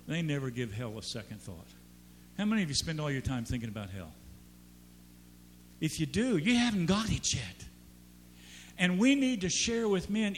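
A man's voice: high-pitched, fairly bright tone, big-room sound. A man preaching a sermon as pastor. He talks conversationally and builds to emphatic peaks.

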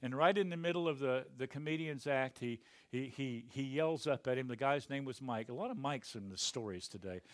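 A male pastor preaching a sermon emphatically, swinging from quiet to loud. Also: mid-range voice, brisk, few pauses, no echo, studio quality.

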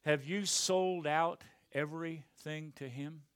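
A male pastor preaching a sermon emphatically, swinging from quiet to loud. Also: a little high, fairly even intonation, slow, clean tone, dry recording, studio quality.

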